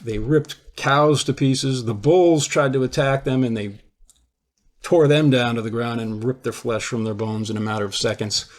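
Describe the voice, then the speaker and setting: Man retelling a classic play in conversation. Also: mid-range voice. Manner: conversational storytelling with restarts. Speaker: lecturer. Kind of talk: informal lecture explaining a theory.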